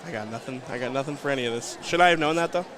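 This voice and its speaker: A man's voice: mid-range voice, very fast. A man co-hosting a podcast, chiming in with dry, teasing remarks. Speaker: podcast co-host. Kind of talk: casual chat. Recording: crowd noise behind.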